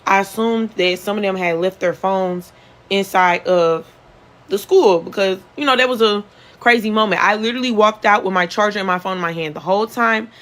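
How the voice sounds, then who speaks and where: A woman's voice: normal speed, fairly bright tone, rough recording. Young woman talking thru what happened to her, casual storytime, earnest, voice jumps up when she quotes people. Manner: earnest, conversational, re-enacts others' words with shifts in pitch. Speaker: storyteller, survivor recounting events. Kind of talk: casual first-person storytelling.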